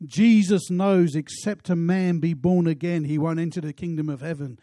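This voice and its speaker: A pastor preaching a sermon in an earnest way, asking rhetorical questions. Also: male voice, fairly high pitch, steady tone, moderate pace, dark tone, no room sound, clean studio sound.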